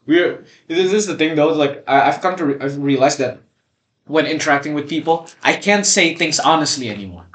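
A man's voice: a little high, expressive, brisk, a bit bright. Rambling teenage boy in an echoey room. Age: teens. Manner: rambling, many restarts and "like". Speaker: podcast co-host. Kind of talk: casual chat.

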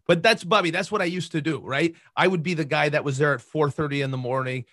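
A man's voice: a little high, fairly even intonation, quick pace, few pauses, a bit bright, no room sound. Easygoing man, dry close sound. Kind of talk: casual chat.

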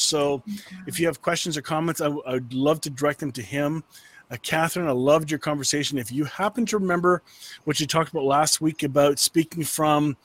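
A man hosting an online panel by video call, effusive and warm in his praise, often saying "oh my goodness" and laughing. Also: a little high, no room sound. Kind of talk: casual chat.

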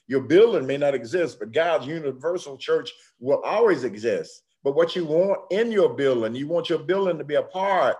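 An older man preaching a sermon, swinging dramatically from hushed, slow passages to loud ones. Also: a little high. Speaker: pastor.

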